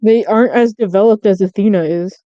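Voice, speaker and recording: A woman's voice: mid-range voice, brisk, no echo. A woman chatting playfully on a podcast, teasing her friends. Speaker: podcast guest. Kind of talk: casual chat. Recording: slightly dull lo-fi audio.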